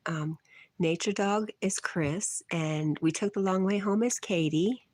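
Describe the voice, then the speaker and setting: A woman's voice: lowish voice, a little slow, a little mellow, no room sound. A middle-aged woman hosting a casual livestream from her porch, reading chat comments aloud, teasing and laughing often.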